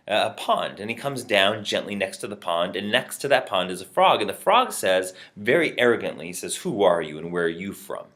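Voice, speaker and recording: A man with a lowish voice giving a brief motivational talk to camera. He tells a fable in a friendly, upbeat way, addressing the listener warmly as a friend. His delivery is lively and encouraging. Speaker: motivational speaker.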